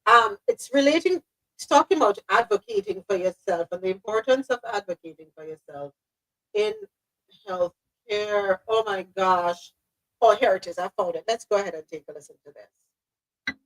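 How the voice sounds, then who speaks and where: A woman's voice: medium pitch, big pitch swings, moderate pace, poor audio. A woman hosting a news talk podcast, reading segments with chatty asides. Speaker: podcast host.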